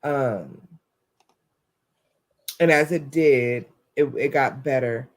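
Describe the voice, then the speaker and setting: A woman co-hosting a show in casual chat, animated, sometimes breaking into loud excited yelling. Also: rumbling low, takes it slowly. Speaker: co-host.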